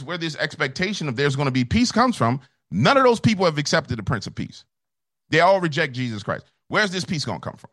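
A man's voice: a little high, fairly bright tone. A man who is a pastor, giving fiery, emphatic commentary in a sermon-like way as a show guest. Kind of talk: preaching commentary.

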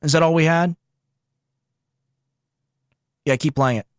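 A man's voice: a little high, fairly even intonation, slow pace, smooth, no echo, clean studio sound. Sarcastic, indignant male show host. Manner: indignant, sarcastic, talks over clips. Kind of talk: reacting to clips and reading quotes.

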